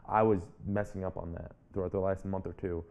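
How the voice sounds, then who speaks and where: A young man in his twenties, a guest speaker and author, tells a personal story on an interview, earnest and reflective, frequently restarting his phrases. His voice is low and level, a bit fast, creaky and slightly mellow.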